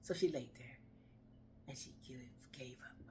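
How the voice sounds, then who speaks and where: A woman's voice: very deep voice, measured pace, a little hiss or hum. A woman telling a dramatic story aloud, acting out the dialogue and dropping into whispers. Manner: expressive, acts out dialogue, drops to whispers.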